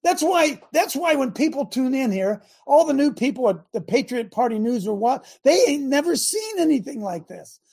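An older man hosting a show, preaching a fiery rant that swings between yelling and low muttering. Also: very animated, normal speed, creaky, hardly any pauses, husky. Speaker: host and preacher.

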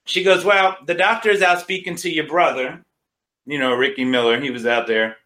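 A man's voice: on the high side, fairly even intonation, moderate pace, bright, forceful tone, reverberant. A man sharing a personal faith testimony, emphatic and retelling conversations line by line. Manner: emphatic, retells dialogue with many "she says".

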